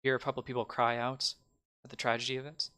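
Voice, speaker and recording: Bright-voiced male game master. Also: medium pitch, little pitch movement, rapid-fire, clean tone. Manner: casual narration with fillers, swearing. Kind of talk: narrating a tabletop game.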